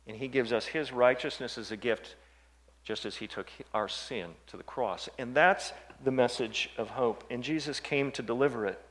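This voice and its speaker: A male pastor preaching a sermon, dropping to hushed, low passages and rising to loud, emphatic scripture reading. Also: normal speed. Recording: long hall reverb.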